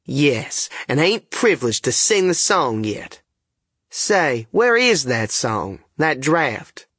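A man voicing a sly male swindler called the duke, speaking in a slow, wry drawl in an audiobook reading. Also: on the high side, big pitch swings, a bit bright, husky, dry recording, studio quality, heavily acted. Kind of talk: audiobook character voice.

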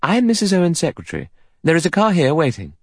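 Brisk, chatty young woman secretary, raised and lively, read by a male narrator. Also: mid-range voice, no echo, clean studio sound, voice pushed up. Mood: brisk, eager. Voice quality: crisp, bright and decisive.

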